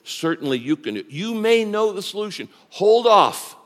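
Animated male pastor preaching in a hall. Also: high voice, brisk. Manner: animated preaching, swings from loud to hushed. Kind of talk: sermon. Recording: long hall reverb.

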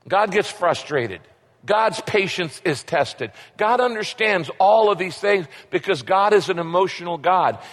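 A man's voice: sits high, fairly bright tone. A middle-aged man preaching a sermon as a pastor, emphatic and repetitive, asking rhetorical questions. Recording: long hall reverb.

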